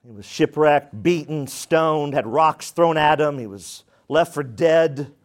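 A man preaching a sermon, emphatic and asking the congregation questions, swinging between loud declarations and quiet asides. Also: on the high side, takes it slowly. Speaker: pastor.

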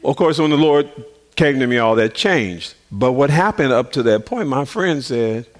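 A man preaching on the radio, telling personal stories in an animated way and often laughing. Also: normal speed. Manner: animated, laughs often, swings pitch widely.

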